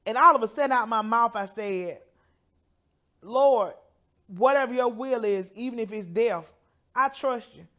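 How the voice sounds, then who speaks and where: A woman's voice: fairly high pitch, measured pace, pauses often. A woman telling an emotional healing testimony as co-host, acting out the people she quotes. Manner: emotional storytelling, quotes others in lively voices.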